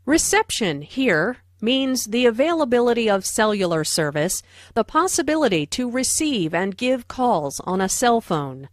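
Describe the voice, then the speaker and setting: A woman narrating language notes for an English lesson, speaking slowly and clearly. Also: medium pitch, big pitch swings, no echo, clean studio sound. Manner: slow, clear teaching delivery. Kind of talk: scripted narration.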